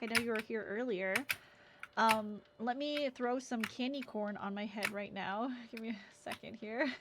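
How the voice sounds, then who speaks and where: A woman's voice: fairly high pitch, fairly even intonation, normal speed. A woman streaming a game, chatting casually and giggly while reading chat aloud. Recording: audible background noise and keyboard clicks.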